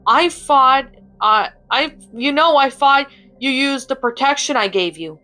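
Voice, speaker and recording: A woman voicing an angry young woman who shouts harsh accusations. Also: sits high, a little slow, soft background music, pitched above the performer's own voice. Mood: furious.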